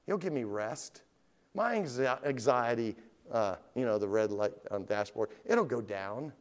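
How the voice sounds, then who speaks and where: Impassioned preacher with a lively, rising voice. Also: male voice. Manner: impassioned preaching, swings between loud rising questions and low quiet asides; reads scripture in a heightened, drawn-out voice. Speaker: pastor. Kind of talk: sermon.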